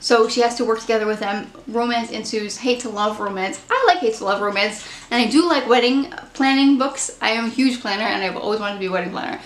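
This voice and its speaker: A woman's voice: fairly high pitch, fast talker. Chatty woman reviewing books, echoey room. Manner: chatty, candid, opinionated. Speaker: book vlogger. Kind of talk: casual book review chat.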